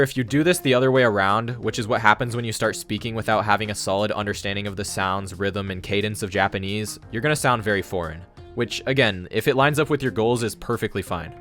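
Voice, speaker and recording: A man's voice: fairly low pitch, a bit bright. A man giving a scripted explainer monologue on language learning, matter-of-fact and confident.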